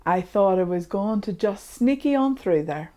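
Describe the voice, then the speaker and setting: A woman leading a guided tapping session, speaking slow, repetitive affirmations. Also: medium pitch, expressive, mellow.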